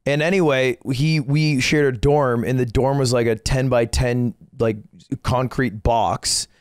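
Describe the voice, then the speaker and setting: Brief: young male co-host, middle-pitched, deadpan teller, dry close recording. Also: measured pace, clear, resonant tone, no room sound. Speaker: podcast co-host. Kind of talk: casual chat.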